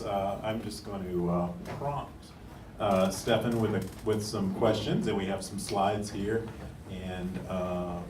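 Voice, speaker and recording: A man's voice: fairly low pitch, reverberant, recorded from a distance, noisy background. A man interviewing an author on stage, asking questions with lots of hesitations. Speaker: newspaper editor interviewing the author. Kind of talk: onstage interview.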